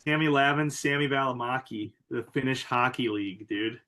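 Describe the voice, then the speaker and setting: A man co-hosting a casual gambling podcast, with a mid-range voice. He stumbles and repeats his openings, then rattles off odds quickly. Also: medium pitch, sharp tone. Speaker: podcast co-host. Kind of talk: casual sports betting chat.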